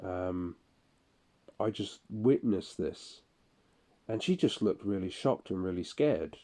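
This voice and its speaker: Guy doing an audio diary, slow halting talk, dark mellow voice. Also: low voice, expressive. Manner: halting, broken phrases with frequent restarts. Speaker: audio diarist. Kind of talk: personal monologue recalling incidents.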